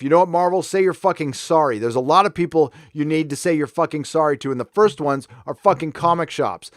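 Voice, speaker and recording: On a live stream, a male host with a higher-pitched voice goes from a furious, expletive-laden rant to a laid-back chat with his viewers. The audio is clean studio sound without echo.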